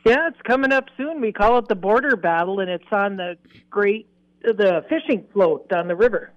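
A woman's voice: mid-range voice, moderate pace. A woman guest being interviewed on a radio show, talking in a friendly, easygoing way. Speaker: fishing guide and club leader, guest. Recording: dull lo-fi line.

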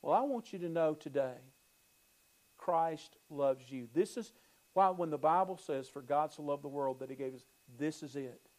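A man's voice: fairly high pitch, a little mellow, poor audio. A male pastor preaching a sermon, emphatic, repeating phrases and building emphasis.

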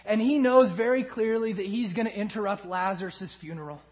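A man preaching a sermon with passion, swinging from loud emphasis to hushed lines. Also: sits high, fairly quick, dull audio. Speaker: pastor.

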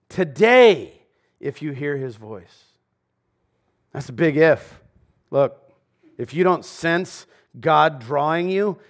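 A pastor delivers a sermon in a voice that sits a little high for a man. His preaching is loose and conversational, full of casual asides. It sounds like a church service.

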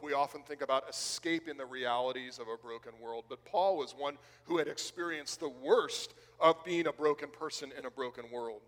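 A man's voice: fairly high pitch, a bit bright, big-room sound. A male pastor preaching a sermon in an earnest manner, repeating words for emphasis. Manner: earnest, rising and falling, repeats words for stress.

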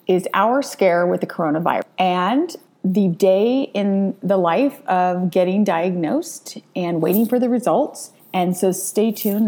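A woman's voice: lowish voice, warm tone. A middle-aged woman hosting her own podcast, recounting a personal story in a conversational way. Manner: conversational, recounting events with feeling. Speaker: podcast host.

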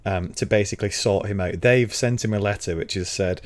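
Relaxed man recapping a book. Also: lowish voice, fairly quick. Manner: relaxed, chuckling, recaps the plot. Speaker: podcast co-host. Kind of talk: casual book discussion podcast.

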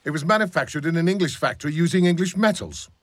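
Need a man playing an arrogant colonial governor, lively cold delivery, film-clip hiss. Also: on the high side, natural voice. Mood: contemptuous. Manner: contemptuous, measured speech. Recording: movie clip with faint background noise.

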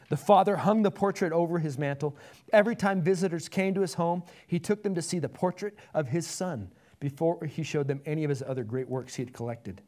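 A man's voice: on the high side, brisk, darkish tone. A male pastor telling an illustration story and closing his sermon with earnest appeals.

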